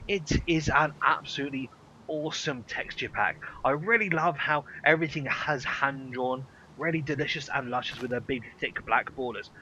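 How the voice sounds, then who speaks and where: Bright, upbeat man reviewing a game. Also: mid-range voice, normal speed, dull audio, a little hiss or hum. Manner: enthusiastic and playful. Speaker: host.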